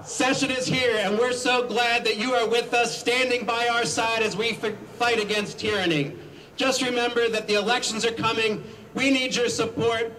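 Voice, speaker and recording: A man giving a rousing rally speech as a politician, leading the crowd in shouted chants. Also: very high voice, fairly even intonation, normal speed. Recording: distant mic, crowd and ambient noise.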